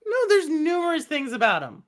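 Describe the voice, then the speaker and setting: A woman's voice: sits high, wildly swooping pitch, a little fast. A woman from Houston with a light Texan twang, hosting a podcast in blunt, questioning casual chat. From Houston, Texas. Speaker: podcast host.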